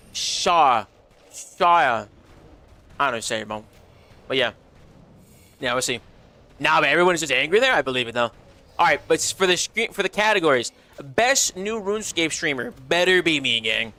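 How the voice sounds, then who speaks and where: Bright, animated young male streamer. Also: a little high. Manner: animated, slangy, reads chat aloud. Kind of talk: casual livestream chat.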